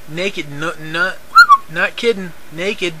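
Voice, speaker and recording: A man's voice: high-pitched, slow, pushed and bright, a little hiss or hum, poor audio. A man telling a rambling, profane story in a casual way, repeating himself and laughing often.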